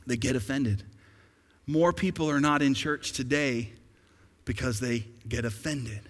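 A man's voice: medium pitch, measured pace. A man preaching a sermon as pastor, putting questions to his congregation and building to emphatic peaks. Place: church sanctuary. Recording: long reverb of a large hall.

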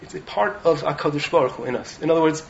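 Animated man teaching, slightly high voice. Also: fast talker, creaky, muffled recording, slight background noise. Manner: animated, keeps checking in with "right?". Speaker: rabbi teaching in a yeshiva. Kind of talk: Torah talk. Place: study hall.

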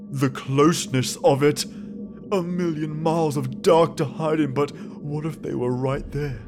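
A man narrating a first-person horror story in a tense, frightened way, with sudden shouted cries. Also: on the high side.

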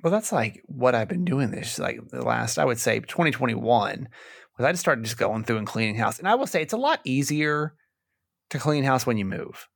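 A young man hosting a podcast in casual chat, animated and laughing, with frequent stammered restarts. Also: mid-range voice, normal speed, vocal fry, no room sound, studio quality. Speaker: podcast host.

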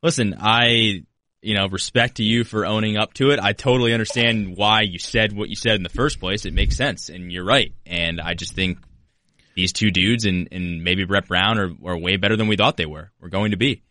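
A man's voice: lowish voice, moderate pace, pushed and bright, dry recording. A man co-hosting a sports podcast, skeptically pushing back on the host in casual talk.

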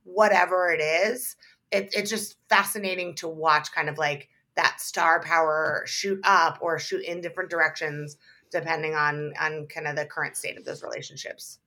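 A woman's voice: low-pitched, steady tone, moderate pace, bright, forceful tone. A woman co-hosting a podcast from a hotel room, chatting casually with lots of "like" and "kind of". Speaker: podcast co-host. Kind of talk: casual chat.

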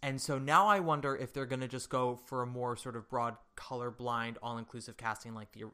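A man's voice: medium pitch, fairly even intonation, brisk, sharp tone, clean tone. A man co-hosting a podcast, chatting casually and with opinions. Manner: opinionated, enthusiastic theater talk. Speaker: podcast co-host. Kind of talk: casual chat.

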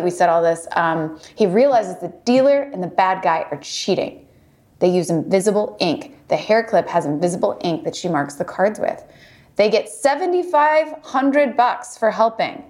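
With a mid-range, darkish voice, a female podcast co-host chats casually and recaps an episode. Her manner is bubbly and giggly, and she laughs often.

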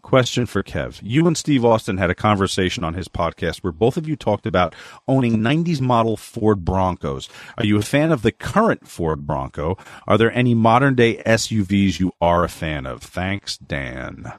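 A man's voice: lowish voice, sing-song, normal speed, no room sound, studio quality. A man co-hosting a podcast, chatting casually, teasing his co-host and reading out listener questions. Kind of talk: casual chat.

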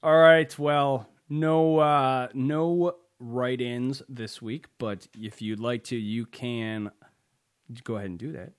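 A man's voice: mid-range voice, fairly even intonation, slow pace, clean tone. A man hosting a podcast, chatting casually, rambling loosely and chuckling often. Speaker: podcast host. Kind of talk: casual podcast sign-off chat.

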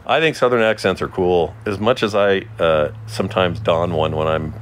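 A man's voice: low-pitched, steady tone, normal speed, slight background noise. A man co-hosting a casual podcast, joking and rambling as he reads listener emails aloud. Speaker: podcast co-host. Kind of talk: casual chat.

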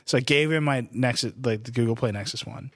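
A man's voice: mid-range voice, brisk, a bit bright, no echo. A male podcast host with a mid-range voice. His sound is dry and close. He tells stories in a loose, rambling way with lots of fillers. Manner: rambling, filler-heavy storytelling. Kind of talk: casual podcast chat.

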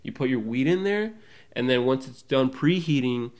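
A young man with a mid-pitched, everyday voice tells a story in a relaxed, slang-heavy way. He talks loosely among friends, in a plain casual chat. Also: moderate pace. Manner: laid-back slangy storyteller, acts out his own panic in a high voice.

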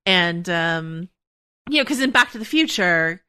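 Bright-toned woman rambling on a podcast. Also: fairly low pitch, animated, a little slow, clean tone, dry recording, studio quality. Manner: rambling, thinking aloud with many restarts. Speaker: podcast host. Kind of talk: casual chat.

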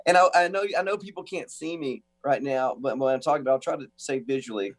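A man from the United States, a guest on a talk show, telling an animated story with acted-out quotes and frequent restarts. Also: medium pitch, fast. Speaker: guest musician.

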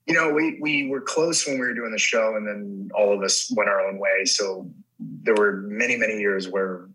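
A man's voice: on the low side, normal speed, sharp tone, poor audio. A middle-aged man, a guest actor in casual chat, telling profane stories and acting out the people he quotes. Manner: swearing storyteller who acts out quoted people.

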